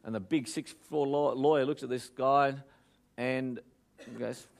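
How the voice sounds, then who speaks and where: A man with an Australian accent giving a motivational talk, telling jokes lively and asking the audience questions. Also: mid-range voice, fast, creaky. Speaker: motivational speaker.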